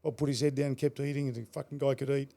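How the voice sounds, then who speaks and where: A man's voice: mid-range voice, level tone, quick pace, creaky, dark tone. A middle-aged Australian man telling road stories in a casual chat, blunt and swearing freely. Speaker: guest. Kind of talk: casual storytelling.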